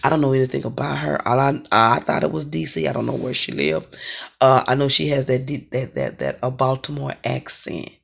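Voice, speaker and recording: Ranting online reader, confrontational and repetitive; rough husky voice with heavy fry. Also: mid-range voice, animated, fairly quick. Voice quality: gravelly and husky. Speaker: online psychic reader on a live stream. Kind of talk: angry ranting monologue.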